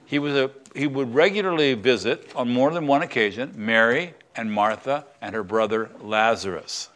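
An older American man, a semi-retired pastor, gives a conversational Bible lesson as a sermon, asking the congregation questions. His voice is medium-pitched and fairly bright, at a normal speed.

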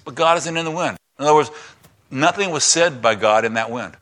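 A man preaching a sermon, retelling scripture with voiced parts, dropping to a hush for God and rising high for Elijah. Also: expressive, fairly quick. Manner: drops to a hushed voice for God's lines, climbs high for Elijah's complaints. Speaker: pastor.

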